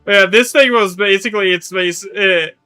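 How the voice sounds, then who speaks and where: A man's voice: sits high, moderate pace, pushed and bright, smooth, faint music behind. A man streaming a game live, chatting casually in a rambling way, correcting himself as he goes and swearing now and then. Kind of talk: live gaming stream chat.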